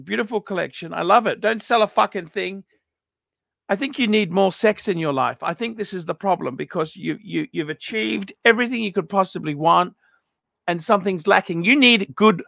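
A man's voice: sits high, creaky, fairly bright tone, dry recording, clean studio sound. A middle-aged man giving a blunt, profane, ranting review of a viewer's watch collection. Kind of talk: unscripted paid review monologue.

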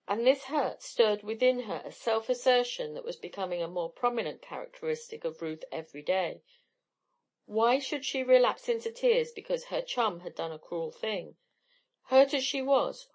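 A woman reading a novel aloud in steady, expressive storytelling. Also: mid-range voice. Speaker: audiobook narrator. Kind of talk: scripted narration.

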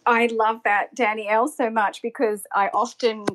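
A woman's voice: fairly high pitch, flat delivery, normal speed, fairly bright tone. A woman with an Australian accent, asking a guest questions in a casual live audio chat, talking chattily with frequent giggles and restarts. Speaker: audience member asking questions.

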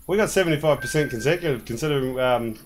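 A man with a New Zealand accent hosts a game stream, joking and rambling with his co-player and viewers as he comments casually on the game. His medium-pitched voice is fast, with a little hiss or hum in the audio.

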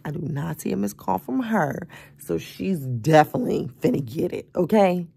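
She's thirty, just out of sleep and tired, chatting from bed in her bedroom for a casual morning vlog where she calls viewers y'all and baby. Her fairly low voice is expressive, gravelly and husky with a darkish tone, moving at a normal pace.

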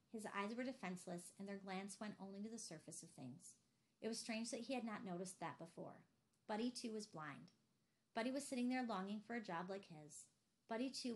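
A woman narrating a novel aloud in a steady, measured way. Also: medium pitch. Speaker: audiobook reader.

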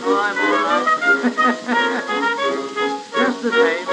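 Man, music-hall comic singer, unhurried delivery, loud band behind, jolly, chuckling. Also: high voice. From Australia. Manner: chuckling, jolly, breaks into laughs between lines. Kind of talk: comic music-hall song with spoken patter. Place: early London recording studio. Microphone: acoustic recording horn. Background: small band accompaniment.

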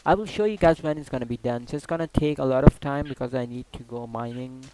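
Excitable man narrating his gameplay. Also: medium pitch, quick pace, heavy background noise. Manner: excitable, loud outbursts, swears and jokes. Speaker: gaming YouTuber. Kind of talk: casual gameplay commentary.

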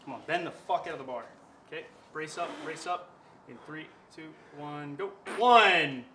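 A man with a voice on the high side coaches a lifter at a moderate pace, loudly counting reps and swearing to push him on. The gym recording is echoey with faint background noise.

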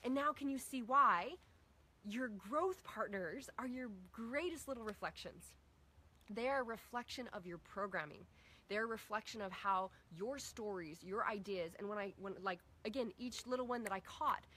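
A woman's voice: mid-range voice, normal speed, slightly rough. A middle-aged woman coaching a group on parenting, casually acting out talks with her kids. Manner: energetic, acts out dialogue with her kids.

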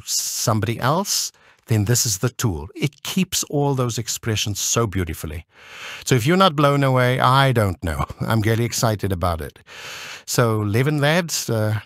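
A man casually walking viewers through a software demo, enthusiastic and chatty, with plenty of fillers. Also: medium pitch, no room sound, clean studio sound. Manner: enthusiastic, explains step by step with many fillers. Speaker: tech vlogger.

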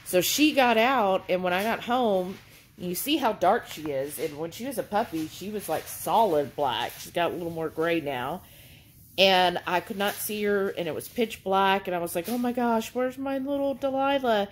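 A woman vlogger chatting casually to camera in an animated, storytelling way. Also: lowish voice, normal speed, a little hiss or hum, rough recording.

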